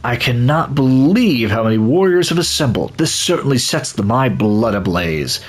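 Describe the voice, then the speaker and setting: A man's voice: mid-range voice, big pitch swings, moderate pace. A man voicing a zealous, battle-hungry warrior creature. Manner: zealous and grandiose.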